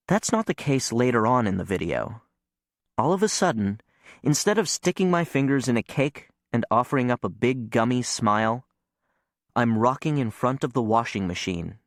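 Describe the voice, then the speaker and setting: Mid-pitched male audiobook narrator, dry sound. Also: no echo. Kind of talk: first-person audiobook narration.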